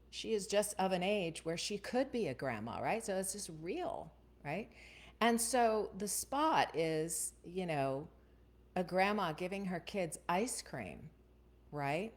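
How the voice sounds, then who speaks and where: A woman hosting a voiceover Q&A, chatting casually and often checking in with "right?". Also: mid-range voice. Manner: chatty, keeps asking "right?". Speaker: voiceover coach and host. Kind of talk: casual Q&A livestream.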